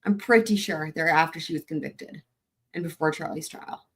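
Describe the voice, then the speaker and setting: A woman's voice: sits low, normal speed. Woman thinking aloud on a live stream. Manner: thinking aloud, self-correcting. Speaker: stream host. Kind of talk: live commentary.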